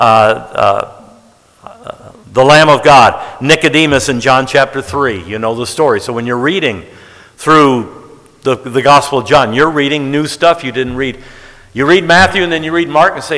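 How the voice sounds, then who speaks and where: A man's voice: medium pitch, a bit bright. Man teaching Scripture in a reverberant hall. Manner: plain, conversational teaching with repetition and restarts. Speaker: Bible teacher. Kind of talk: sermon-style Bible teaching.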